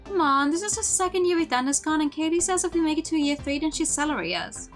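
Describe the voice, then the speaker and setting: Frantic young woman in charge of a falling-apart convention, read by a woman; pleading, lively pitch. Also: fast, soft background music. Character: panicked young woman running a failing convention. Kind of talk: reading game dialogue aloud.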